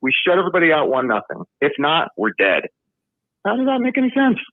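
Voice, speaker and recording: A man's voice: on the high side, wildly swooping pitch, fast talker, no room sound. A man calling in to a sports talk show, venting in a frustrated, emotional rant. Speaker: caller. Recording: tinny phone line.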